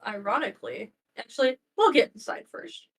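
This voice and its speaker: A woman's voice: a little high, expressive, moderate pace, vocal fry, husky, rough recording. A woman playing in a tabletop game, chiming in with short joking lines. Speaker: player.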